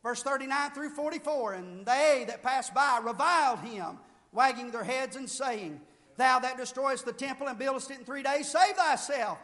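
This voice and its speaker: A man preaching a sermon with fervor, rising to loud shouted peaks and then dropping low and quiet. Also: normal speed. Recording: long reverb of a large hall.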